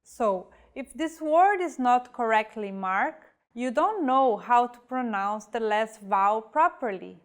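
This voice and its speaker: Slow, careful woman teaching pronunciation. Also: fairly high pitch, lively intonation. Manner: careful, reading out example words slowly. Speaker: language teacher. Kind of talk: scripted lesson.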